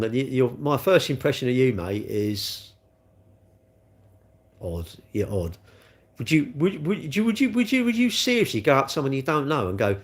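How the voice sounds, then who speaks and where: A middle-aged man rambling cheekily on a live stream, answering chat comments as he goes. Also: medium pitch. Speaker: livestream host.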